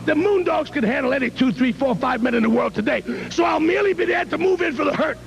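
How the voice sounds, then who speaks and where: A wrestling manager cutting a loud, boastful promo and taunting the interviewer. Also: male voice, extremely high pitch, quick pace, creaky, soft background music, low-quality recording.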